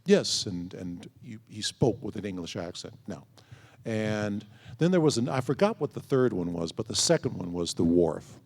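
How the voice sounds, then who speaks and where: A man's voice: lowish voice, expressive, moderate pace, gravelly, a little mellow. A man answering fan questions as a convention panel guest, telling anecdotes and acting out quoted dialogue. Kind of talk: storytelling Q&A answers. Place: large convention hall. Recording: long hall reverb.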